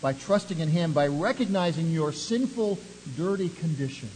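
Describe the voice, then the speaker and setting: A man preaching a sermon, telling a story with dramatic rises and sudden drops to a hush. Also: fairly high pitch, animated, moderate pace, big-room sound, a little hiss or hum, low-quality recording. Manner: dramatic storytelling, swelling then dropping to near hush. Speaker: pastor.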